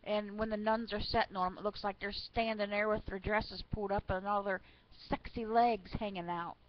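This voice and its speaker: A woman's voice: medium pitch, steady tone, normal speed. A woman casually reading funny church stories aloud to her listeners, chatty, with fillers and asides. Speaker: online reader of church stories. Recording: slightly muffled with faint noise.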